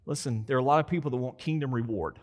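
A man's voice: medium pitch, racing, darkish tone. A man preaching a conversational sermon as a pastor. He repeats phrases for emphasis and acts out quoted voices. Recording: long hall reverb.

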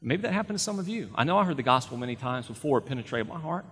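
A middle-aged male pastor preaches in a relaxed, conversational way, often repeating words before pressing into forceful, emphatic points. His voice sits at an ordinary middle pitch. The sound carries a long reverb, as in a large church sanctuary. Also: racing, breathy edge. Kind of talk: sermon.

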